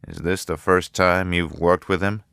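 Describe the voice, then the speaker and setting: A man voicing a bitter, anxious young male architect in an audiobook, talking in a slow, grumbling way. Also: low voice, steady tone, fairly bright tone, clean tone, dry recording, clean studio sound.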